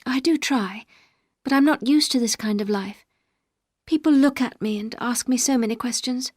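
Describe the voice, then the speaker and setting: A woman's voice: on the high side, normal speed, dry recording, studio quality, natural voice. A woman voicing a shy, anxious young bride who speaks in an earnest, pleading way. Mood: timid. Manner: earnest, pleading, raised and bright.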